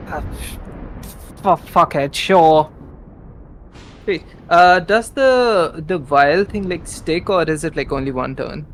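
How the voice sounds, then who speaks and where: Hesitant game master from India. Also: male voice, on the high side, slow, a bit bright, slight background noise. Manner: hesitant, full of "like" and "uh". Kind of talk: casual narration of a tabletop game.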